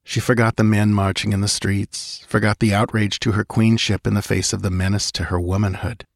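A man narrating a fantasy audiobook in an expressive, measured storytelling manner. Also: lowish voice, gravelly, dry recording, clean studio sound.

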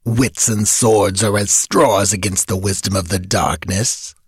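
Voiced by a man, a brooding enslaved sorcerer growls his grievances in a deep, low voice, full of bitterness. The recording is close and dry. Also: unhurried, breathy edge, no room sound, full character voice. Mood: menacing. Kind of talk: audiobook character reading.

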